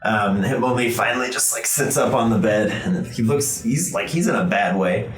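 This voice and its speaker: A man's voice: on the low side, normal speed, faint music behind. A man narrating as game master in a loose, chatty way with plenty of fillers. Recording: echoey room.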